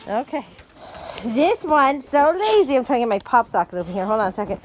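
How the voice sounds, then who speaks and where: Fairly high-pitched and very animated, she talks briskly while a crowd is heard in the background. She's a sick mother vlogging casually, rambling to followers and her dog on a handheld phone, at home and then out in the snow.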